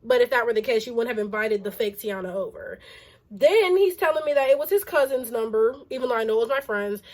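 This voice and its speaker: High-voiced young woman telling a storytime. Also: quick pace. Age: young adult. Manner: animated and exasperated, heavy use of "like". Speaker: vlogger. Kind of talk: casual storytime.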